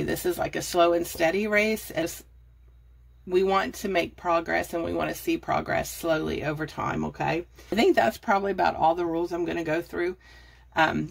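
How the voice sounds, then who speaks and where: With vocal fry and a fairly low pitch, a middle-aged woman speaks breathlessly to her phone camera. She's a budgeting and decluttering vlogger giving casual, chatty, rambling how-to tips on decluttering.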